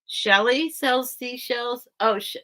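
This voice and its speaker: A woman who grew up by the beach hosts a live vintage sale stream, chatting casually, rambling, and cutting herself off mid-thought. Her voice is fairly high, slow, pushed, and bright.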